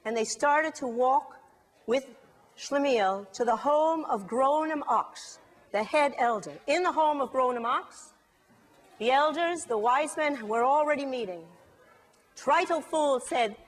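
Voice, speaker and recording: A middle-aged woman telling a story to a live audience, lively and expressive, acting out the characters. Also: high-pitched, measured pace. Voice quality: lively, acts out characters with shifting voice.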